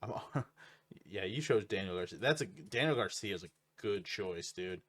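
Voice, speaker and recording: A man's voice: sits low, expressive, fairly bright tone. A man co-hosting a podcast, talking about wrestling in a blunt, casual way with frequent swearing. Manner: blunt, swears often, quick laughs. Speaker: podcast co-host.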